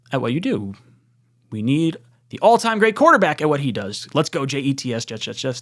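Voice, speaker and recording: A young man chats casually on his live stream, reading viewer comments aloud. He sounds excitable, laughs easily and often bursts into a higher voice when worked up. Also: fairly quick.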